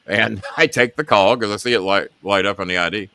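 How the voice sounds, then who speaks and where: A man's voice: fairly low pitch, brisk, bright, forceful tone, no echo. A middle-aged man hosting a talk show, telling a long story and acting out the quotes in it.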